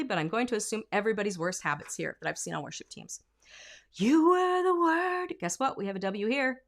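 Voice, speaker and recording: Female vocal coach, mid-range voice, explains technique and demos lines out loud. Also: medium pitch. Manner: explaining, breaks into sung and spoken examples. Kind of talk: vocal lesson with sung demonstrations.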